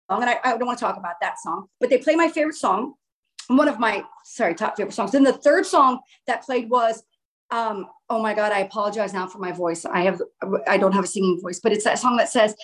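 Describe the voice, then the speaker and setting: A woman's voice: fairly high pitch, fairly quick, poor audio. A woman telling a personal story in an earnest, rambling way, often restarting her sentences.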